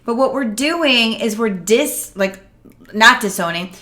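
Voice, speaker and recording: A middle-aged woman coach talking earnestly to camera, acting out the voices of the people she quotes. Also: mid-range voice. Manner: earnest, animated, acts out quotes. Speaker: emotional wellness coach. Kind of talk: casual talk to camera.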